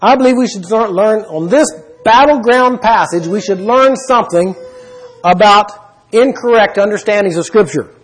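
A man delivering a Bible teaching sermon in a high, husky voice. He speaks emphatically, stops to put questions to his listeners and lists scripture references one after another. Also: normal speed, a bit bright, rough recording. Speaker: preacher.

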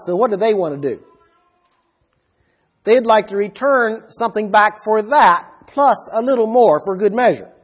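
A man's voice: high voice, breathy edge. A man teaching a Bible study lecture in an explanatory way, asking the listeners rhetorical questions.

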